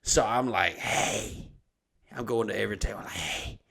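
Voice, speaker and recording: This young man hosts a podcast and tells a rambling, profane story, admitting he's slightly drunk. His voice is fairly low, gravelly and a bit bright, delivered rapid-fire in a casual, storytelling chat, as befits a comedian.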